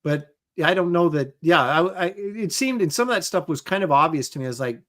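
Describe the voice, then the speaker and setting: Slightly high-voiced man, casual co-host. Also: expressive, brisk, fairly bright tone. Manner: rambling, restarts often, quotes dialogue. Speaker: podcast co-host. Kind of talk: casual livestream chat.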